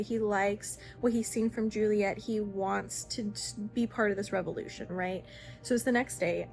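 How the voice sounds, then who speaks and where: A young woman chatting casually as she recaps a book series, gushing and swearing freely. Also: mid-range voice. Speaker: book vlogger.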